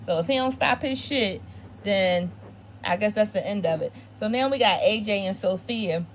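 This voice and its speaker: A woman's voice: medium pitch, moderate pace, slight background noise. A woman hosting a casual TV episode recap, talking in an opinionated way and repeating phrases for emphasis.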